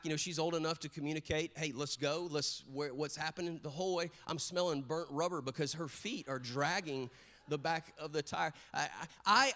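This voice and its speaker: A male pastor with a high, light voice preaches a story-driven sermon. He is middle-aged and animated, and he acts out quotes in quick bursts before he settles back into plain preaching.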